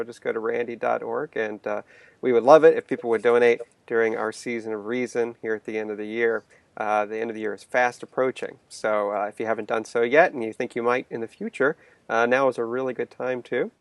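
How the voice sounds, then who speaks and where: A man co-hosting a podcast, speaking casually and filling pauses with many "uh"s. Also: mid-range voice, fairly even intonation, gravelly, dry recording. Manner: many "uh" fillers, easygoing. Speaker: podcast co-host.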